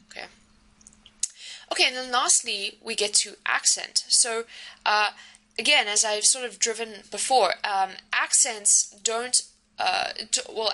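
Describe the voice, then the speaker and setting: A woman's voice: medium pitch, bright, forceful tone, low-quality recording. A woman lecturer explaining course material in a recorded lesson, with frequent fillers and checking questions. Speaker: university lecturer.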